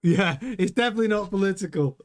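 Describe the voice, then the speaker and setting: Hosting a casual live watchalong, a man with a somewhat high voice reads viewer chat and reacts to the action fast. He's chatty and rambling, often cutting himself off to start sentences over.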